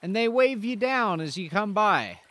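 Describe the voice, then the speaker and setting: A man from Canada narrating a role-play stream as game master, laid-back and unhurried. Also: high voice, expressive, fairly bright tone, no echo.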